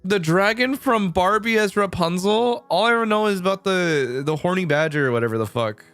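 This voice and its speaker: A man's voice: high voice, animated, a little fast, a bit bright, dry recording, faint music behind. A young man streaming casual chat, rambling and swearing a lot, laughing often.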